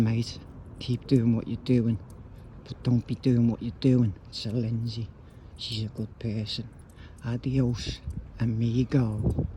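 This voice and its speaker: A man rambling bluntly in slangy casual talk, vlogging while out on a walk. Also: medium pitch. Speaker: YouTuber. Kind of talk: casual vlog rant while walking. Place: outdoors on a street. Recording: street noise with traffic.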